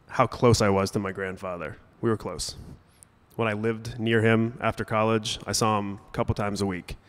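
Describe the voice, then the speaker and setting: Young adult male storyteller on a stage, easygoing delivery with comic timing and sharp bursts of emphasis. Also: on the low side, in a large hall. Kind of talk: personal storytelling to a live audience. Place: stage at a brewery event.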